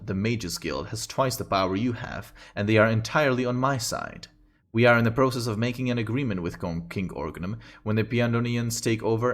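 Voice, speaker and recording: A man voicing a scheming queen mother who speaks with haughty, mock-polite courtesy, in a low voice raised for the part.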